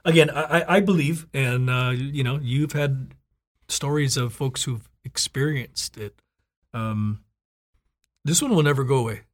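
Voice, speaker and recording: Male talk-show host, mid-pitched, hesitant and apologetic, stumbles over his words. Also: measured pace. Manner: hesitant, apologetic, stammering restarts. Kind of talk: casual interview chat.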